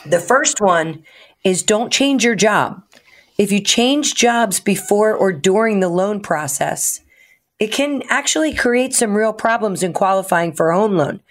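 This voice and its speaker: A woman co-hosts a talk radio show and walks listeners through home loan advice. She sounds practical and explains things in a casual way. Her voice sits at a middle pitch. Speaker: mortgage lender, radio co-host.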